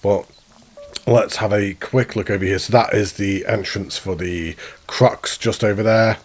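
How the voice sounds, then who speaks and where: Touring a zoo in a video game, a man gives chatty, rambling commentary and often laughs at himself. His fairly low voice is steady and measured, with faint background music in the recording.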